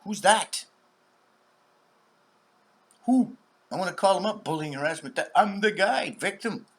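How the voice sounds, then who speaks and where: A middle-aged man in a rambling, profane vlog monologue, dropping to whispers and bursting into shouts. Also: high voice, expressive, a little slow. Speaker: vlogger.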